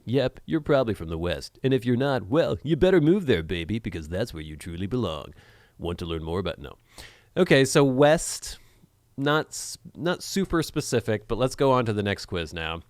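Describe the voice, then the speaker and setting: Reading quiz questions in a casual vlog, a young man from the US Pacific Northwest wonders aloud about his pronunciation and tosses in playful sarcastic remarks. His voice is on the low side and expressive, at normal speed, with no room sound.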